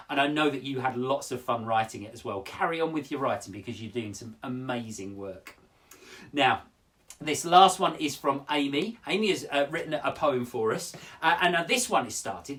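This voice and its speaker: A man's voice: mid-range voice, distant mic. A man hosting a poetry show for children from home, talking playfully and directly to the kids watching. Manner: animated, playful and expressive, addressing kids directly. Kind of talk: lively children's show presenting.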